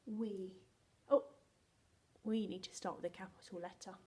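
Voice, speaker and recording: An English woman teaching a remote phonics lesson to young children, playful and animated, slipping into whispers and sounding out words slowly. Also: mid-range voice. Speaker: primary school teacher.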